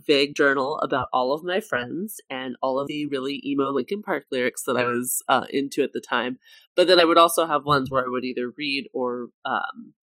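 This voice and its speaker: A woman's voice: a bass voice, a bit bright, no echo. A woman co-hosting a casual comedy podcast who reads silly excerpts aloud and keeps trying not to laugh. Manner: giggly, tries not to laugh while reading. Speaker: podcast co-host.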